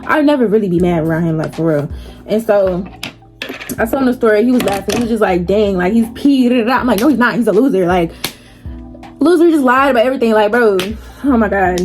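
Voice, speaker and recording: A woman's voice: mid-range voice, animated, a little fast, darkish tone, faint music behind. A young woman telling a story casually while doing her makeup, chatty and slangy, laughing often. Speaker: vlogger.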